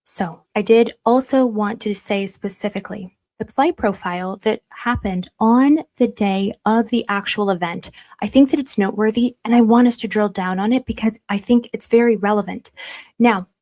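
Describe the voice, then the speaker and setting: A woman talks through her theories on a live stream in a chatty, conversational way. She pauses on fillers while she thinks, then turns effusive as she thanks her viewers. Her voice sits at an ordinary middle pitch. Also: a little mellow. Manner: hesitant with frequent fillers while reasoning. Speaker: livestream host. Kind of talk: live-streamed investigative commentary.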